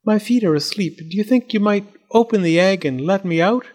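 A man's voice: high voice, a little fast, a little mellow, pitched above the performer's own voice. A man voicing a prim, genteel old-fashioned female doll in a storybook reading, speaking formally and ceremoniously with a faint melancholy. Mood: plaintive. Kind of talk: storybook read-aloud.

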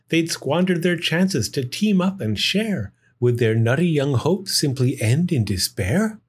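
A man reading a rhyming children's picture book aloud in an expressive, sing-song way. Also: fairly high pitch, breathy edge. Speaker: storyteller. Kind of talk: storybook read-aloud in rhyme.

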